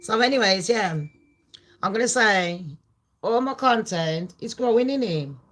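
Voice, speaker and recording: A middle-aged woman from Jamaica, hosting a brash, profane live-stream chat that swings loud and animated. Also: fairly high pitch, measured pace. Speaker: channel host.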